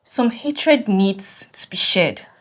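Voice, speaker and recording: A young actress playing a bitter, traumatized young woman who answers quietly and curtly in a film drama. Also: high voice, sing-song, normal speed, heavily acted. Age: young adult. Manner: quiet, curt, brooding.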